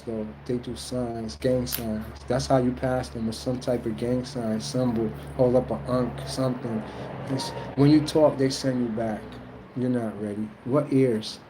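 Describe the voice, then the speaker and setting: On a low-quality recording with slight background noise, a warm-voiced man streams to his viewers, answering chat about spiritual journeys. He's rambling, earnest, and colloquial, quoting others in high mock voices.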